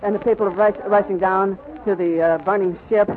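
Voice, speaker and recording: A man's voice: sits high, fairly even intonation, a little fast. A man giving a live, vivid on-the-spot radio report from an airfield. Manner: vivid, flowing description. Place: outdoors on an airfield. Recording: crackly 1930s radio recording, phone-like band.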